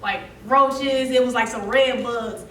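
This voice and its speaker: A young woman speaks at a seminar, her voice high, bright and lively. She tells her story with feeling and laughs through it. She sounds distant in an echoey room with faint noise behind. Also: a little slow. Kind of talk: motivational storytelling.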